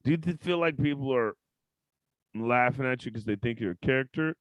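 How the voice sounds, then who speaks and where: Brief: male podcast host, mid-pitched, blunt and profane, prone to loud bursts, dry close sound. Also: brisk, no echo, highs cut off. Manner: blunt, loud outbursts, cusses a lot. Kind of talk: casual interview chat.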